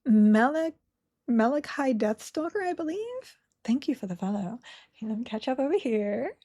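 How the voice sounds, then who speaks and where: A woman's voice: a little high, very animated, moderate pace, warm tone. A woman streaming a game live, chatting casually with her viewers and her game characters and giggling often. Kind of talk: casual live gameplay commentary.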